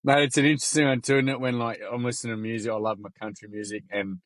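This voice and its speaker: A man's voice: mid-range voice, very fast, dry recording. An Australian man who founded a youth workshop group, telling stories in casual chat, slangy and acting out quotes. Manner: animated, slangy, acts out quotes.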